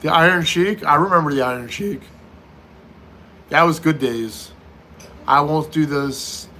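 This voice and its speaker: Middle-aged man, livestream host, reads and answers chat comments; slightly high, bright, forceful voice. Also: measured pace, slight background noise. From United States. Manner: reads viewer comments aloud and answers each one.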